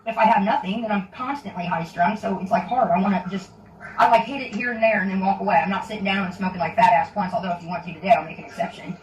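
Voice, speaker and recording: A woman's voice: mid-range voice, fairly even intonation, fast, dull audio, slight background noise. A woman live streaming, chatting casually in a blunt, profane, rambling way.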